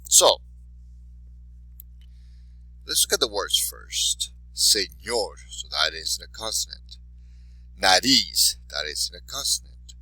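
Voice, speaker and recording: A man's voice: deep voice, pushed and bright, slightly rough, no room sound, rough recording. A man teaching a lesson in English, patiently saying each example word twice. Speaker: Spanish teacher. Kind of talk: recorded classroom lesson.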